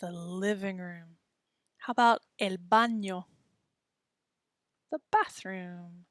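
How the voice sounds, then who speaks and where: A woman teaching a children's language lesson, patient and encouraging, speaking slowly and clearly. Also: medium pitch, a bit bright, no echo, studio quality.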